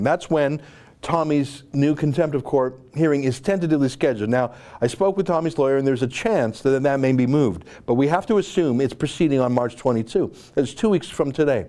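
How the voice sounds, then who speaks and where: A man hosting his own show, delivering a combative, emphatic monologue full of quick asides. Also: medium pitch, warm tone. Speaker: show host. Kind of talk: opinionated monologue to camera.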